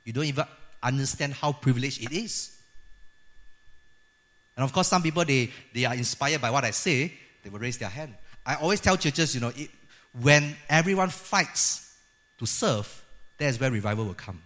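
A middle-aged man preaching a sermon as a pastor, lively and acting out the voices he quotes. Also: mid-range voice, moderate pace, long pauses. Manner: lively, acts out quoted voices of God and people.

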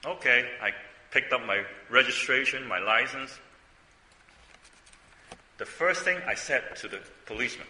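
An older man preaches in a chatty, storytelling way, tossing out rhetorical questions. His voice is bright and sharp, and it rings through a roomy hall with a long reverb. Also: mid-range voice, expressive, unhurried, pauses often. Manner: conversational storytelling, frequent asides and rhetorical questions. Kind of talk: sermon.

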